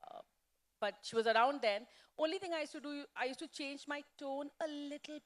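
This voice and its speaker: A woman's voice: sits high, brisk. A woman, a poet and actress telling candid, self-mocking stories at a festival Q&A on stage. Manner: lively, self-mocking storyteller. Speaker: poet and actress, featured guest. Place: festival stage before an audience.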